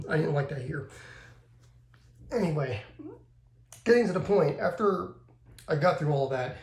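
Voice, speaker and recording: A man's voice: fairly high pitch, echoey room. A man giving a rambling spoken review of a video game, often restarting and repeating himself.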